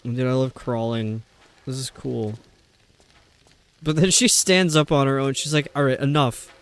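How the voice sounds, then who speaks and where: A man's voice: medium pitch, a little slow, clear, resonant tone. A young man giving live commentary while playing a video game, rambling, stumbling over his words and laughing often. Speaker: streamer.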